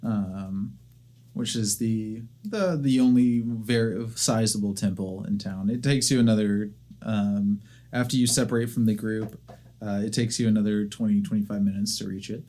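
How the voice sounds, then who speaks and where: A man working as game master, narrating a tabletop game in a halting way with many fillers and restarts. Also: on the low side, warm tone.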